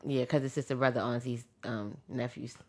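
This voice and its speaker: A woman's voice: rumbling low, fairly even intonation, brisk. A woman co-hosting a casual podcast who steers the topics with a playful touch. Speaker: podcast co-host. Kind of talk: casual chat.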